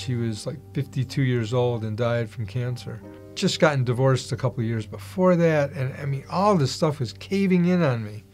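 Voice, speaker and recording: A man's voice: medium pitch, a little mellow. Man telling his life story over music. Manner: acts out quoted dialogue in other voices. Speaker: interviewee telling his testimony. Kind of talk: personal testimony storytelling.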